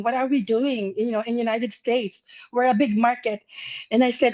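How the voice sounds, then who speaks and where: A woman's voice: a little high, fairly even intonation, darkish tone. Tearful woman sharing on a muffled call. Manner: tearful, halting, repeats herself. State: emotional, near tears. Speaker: guest member sharing a story. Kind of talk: emotional testimonial on a group call.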